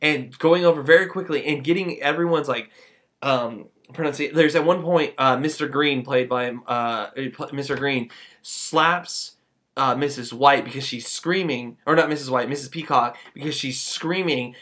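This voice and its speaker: A man's voice: mid-range voice, moderate pace. Rambling man chatting about films. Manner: rambling, many restarts and fillers; animated, acts out quoted lines. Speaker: podcast co-host. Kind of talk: casual movie review chat.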